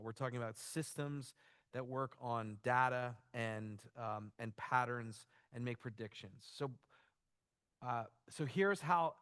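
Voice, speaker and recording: A man's voice: mid-range voice, fairly bright tone, clear, resonant tone, no echo, studio quality. Casual man presenting a church workshop. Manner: casual, loose, with frequent restarts and "like". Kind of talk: conversational church workshop talk.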